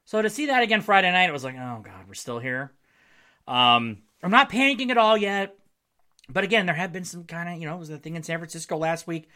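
Here a man runs a casual sports podcast alone, cracking wry jokes about his team's most recent game and laughing a lot. He is a fast, expressive talker whose bright, forward voice rises and falls widely, and the whole thing feels chatty and informal.

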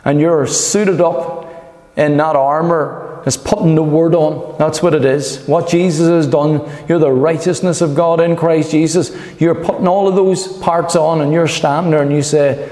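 A man preaching a sermon as pastor, emphatic and animated, calling for amens from the congregation. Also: fairly high pitch, moderate pace. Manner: emphatic, animated preaching with repeated calls of amen. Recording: echoey hall reverb.

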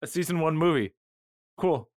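A man co-hosting a podcast in casual chat, enthusiastic and joking, talking in quick bursts. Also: fairly high pitch, darkish tone, no echo, studio quality. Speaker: podcast co-host.

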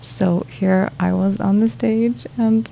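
A woman's voice: medium pitch, fairly even intonation, takes it slowly, creaky, a little hiss or hum. A woman from Lithuania, a guest flutist chatting in an interview and reflecting with frequent laughs. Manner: warm, laughs often, speaks reflectively with restarts. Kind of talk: casual interview chat.

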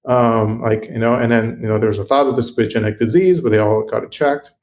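A man being interviewed as a guest, telling a personal story in an earnest, halting way with frequent ums and restarts. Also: medium pitch, a little mellow. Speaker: guest, computational biologist.

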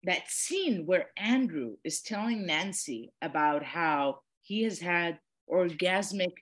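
Blunt, lively-voiced woman. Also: fairly low pitch. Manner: blunt and profane, quick to judge. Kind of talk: casual chat about a reality show.

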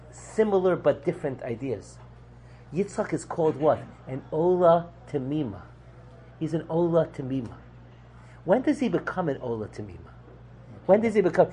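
A rabbi leads a lively Torah class, asking rhetorical questions and answering them with jokes while his voice swings from low and quiet to loud and high. He speaks fairly quickly, and the recording is slightly rough.

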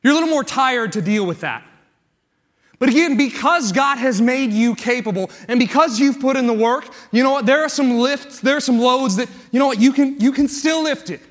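Male pastor, very high pitch, breathless, earnest sermon cadence that builds. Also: moderate pace. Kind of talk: sermon with a live weightlifting illustration.

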